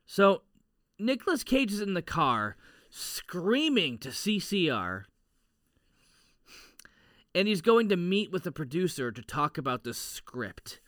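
Animated, bright-voiced man chatting movies. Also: high-pitched, slow pace, long pauses, no echo, clean studio sound. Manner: animated storyteller, quotes characters in goofy voices. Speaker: podcast co-host. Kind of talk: casual movie-review chat.

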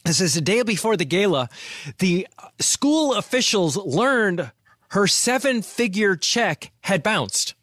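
A man's voice: sits high, big pitch swings, slow pace, fairly bright tone, dry recording, studio quality. A man hosting a finance podcast, chatting casually and laughing often as he retells stories. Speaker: podcast host.

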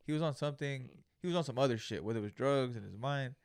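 A man's voice: mid-range voice, quick pace, a little mellow, clean tone, dry recording, studio quality. A young man, co-hosting a podcast and telling a story in a casual, profane way, acting out the people in it. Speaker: podcast co-host.

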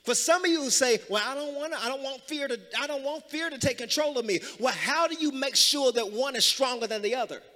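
A man a sermon as pastor, moving from talk into sung and shouted hymn lines. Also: very high voice, brisk, hardly any pauses. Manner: preaching that builds into singing and shouting hymns. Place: church sanctuary. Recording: reverberant church with music.

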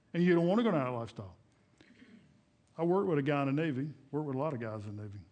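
A middle-aged pastor preaches to his church in a relaxed, chatty manner. His voice sits a little high for a man, and he keeps slipping into little acted-out prayers and voices. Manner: conversational, folksy preaching with acted-out prayers and quotes. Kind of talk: sermon. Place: church sanctuary.

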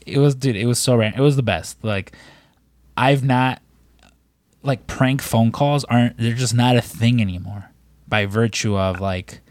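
A man's voice: medium pitch, a little slow, a little mellow, no room sound, clean studio sound. A man on a podcast telling a long, rambling story in casual chat, swearing and acting out what people said. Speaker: podcast co-host.

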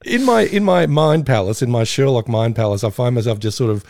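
Casting: middle-aged man, gravelly voice with a lot of lift, eager giggly rambler. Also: medium pitch, animated, brisk, darkish tone, no echo, studio quality. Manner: enthusiastic, giggly, nostalgic rambling. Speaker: podcast co-host. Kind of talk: casual chat.

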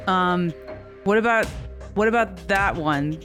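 A woman's voice: on the low side, slow, over music. A woman improvising a hesitant giant robot leader in a comedy sketch, asking puzzled questions.

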